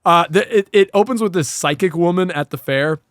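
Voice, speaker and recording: A man's voice: sits high, brisk, fairly bright tone, no room sound, clean studio sound. A man hosting a casual podcast, rambling and swearing with lots of fillers. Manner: rambling, profane, many fillers. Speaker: podcast host.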